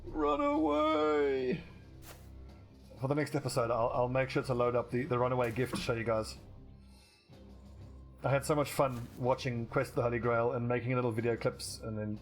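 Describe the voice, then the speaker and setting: A man's voice: medium pitch, fairly even intonation, a little fast, faint music behind. A man giving casual, rambling commentary while playing a strategy game, swearing casually and restarting his sentences. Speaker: let's play commentator.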